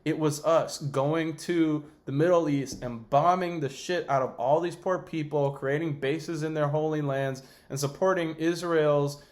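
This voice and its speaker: A man with a slightly higher-than-usual voice hosts his own podcast. He rants about politics, heated and profane. He throws in sarcastic asides as he goes. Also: fairly even intonation, measured pace, few pauses, darkish tone. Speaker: podcast host. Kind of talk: ranting political commentary.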